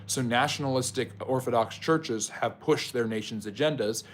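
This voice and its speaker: A man's voice: medium pitch, a little hiss or hum. A man hosting a live history Q&A stream. He answers viewers by name and explains at length, with frequent ums and self-corrections. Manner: talks directly to chat viewers by name. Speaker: history channel host.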